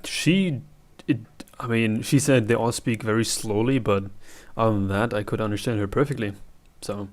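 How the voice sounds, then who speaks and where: A man's voice: on the low side, normal speed. A man from Germany with a German accent, chatting casually as he reacts to clips and thinks aloud. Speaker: reaction video host.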